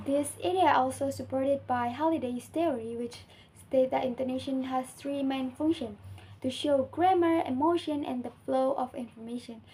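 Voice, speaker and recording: A woman's voice: sits high, warm tone, a little hiss or hum, poor audio. Young Indonesian woman reading her coursework. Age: young adult. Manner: careful, earnest reading with small slips. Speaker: student. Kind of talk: reading a class assignment.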